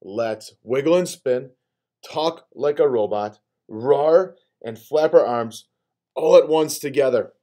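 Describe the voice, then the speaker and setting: A man voicing a bossy, playful male character from a picture book, reading it aloud in an excitable, animated way. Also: medium pitch, slow pace, pitched above the performer's own voice, lightly acted. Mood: relieved, grudging.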